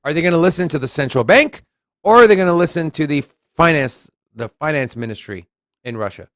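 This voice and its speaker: A man co-hosting a casual crypto news show, blunt and animated, reading and commenting on articles. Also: fairly high pitch, brisk, dry recording, studio quality. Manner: blunt, animated, reads quotes aloud.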